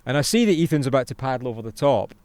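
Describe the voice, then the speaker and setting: A young Scottish man co-hosting a podcast, telling animated stories in casual chat, laughing often and swearing. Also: mid-range voice, rapid-fire, no room sound. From Scotland. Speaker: podcast co-host.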